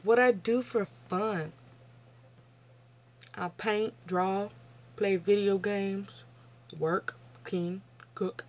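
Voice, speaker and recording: A woman's voice: mid-range voice, steady tone, extremely slow, long pauses, darkish tone. A young woman telling childhood stories in a casual vlog Q&A, blunt and profane, often laughing at herself. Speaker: vlogger. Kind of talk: casual storytelling Q&A. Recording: dull lo-fi home recording.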